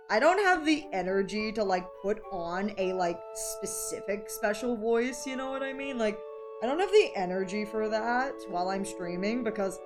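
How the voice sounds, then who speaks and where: A woman VTuber streamer chatting casually in a gremlin-like rather than cutesy voice, rambling and excitable, often breaking into high squeals and laughter. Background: background music.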